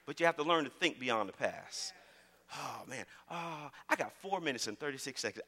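High, bright preacher in a big hall. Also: male voice, very animated, fast, a faint crowd. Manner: call-and-response preaching, repeats words, rising to shouts. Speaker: pastor. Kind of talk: sermon.

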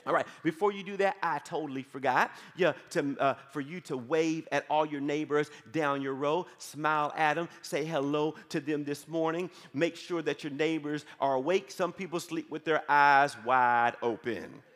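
A man preaching a lively sermon with call-and-response to his congregation. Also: fairly high pitch, normal speed, hardly any pauses. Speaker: pastor. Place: church sanctuary. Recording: long reverb of a church hall.

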